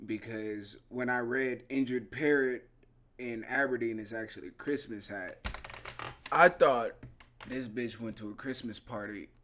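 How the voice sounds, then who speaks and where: A man co-hosting a comedy podcast over a video call, joking and bantering in a lively, slangy way. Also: medium pitch, unhurried. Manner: animated, laughing banter with slang. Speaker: podcast co-host. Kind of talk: casual comedic chat.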